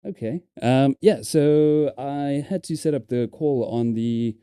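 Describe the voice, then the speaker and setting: A man's voice: medium pitch, slow pace, warm tone, clean tone, no echo, clean studio sound. A man with a South African accent, chatting casually on a live stream, hesitant with many ums and repeated words.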